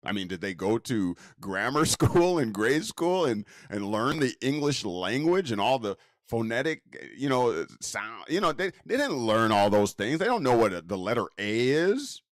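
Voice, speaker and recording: A man's voice: sing-song, no room sound, studio quality. A man giving a casual lecture. He keeps asking the listener rhetorical questions. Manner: slow, drawn-out delivery with wide pitch swings. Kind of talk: casual teaching talk.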